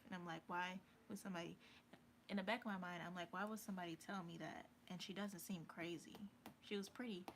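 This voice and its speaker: Woman vlogger spilling a story, lowish voice, lots of "you know", drops to whispers sometimes. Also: fairly bright tone, a little hiss or hum. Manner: chatty, with many fillers, drops to a whisper at times. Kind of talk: casual storytime chat.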